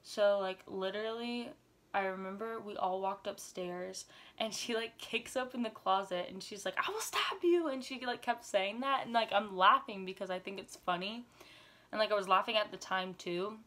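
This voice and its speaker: A young adult woman vlogger tells a story in an animated, chatty way. Her speech is full of casual fillers. Her voice sits at a medium pitch. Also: moderate pace. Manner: animated retelling, frequent "like" fillers. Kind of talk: story time vlog.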